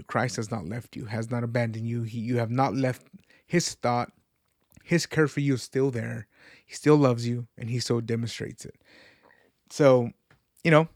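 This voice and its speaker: Earnest man with a gravelly voice. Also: mid-range voice, dry recording, clean studio sound. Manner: earnest, rambling, repeats words while searching for them. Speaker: podcast host. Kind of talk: casual reflective faith talk.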